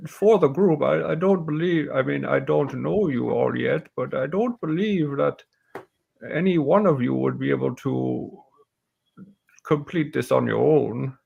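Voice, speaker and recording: A man voicing a gruff, blunt old female warrior who speaks slowly and haltingly. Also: on the high side, lo-fi sound, voice pushed up, full character voice. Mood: hesitant.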